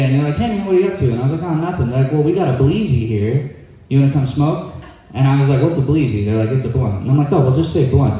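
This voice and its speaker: Young male stand-up comic, dry deadpan delivery, mellow voice, echoey club sound. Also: fairly high pitch, distant mic, slight background noise. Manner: deadpan, quick asides, acts out quoted voices. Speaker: stand-up comedian. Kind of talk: stand-up comedy set. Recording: echoey room, voice off-mic.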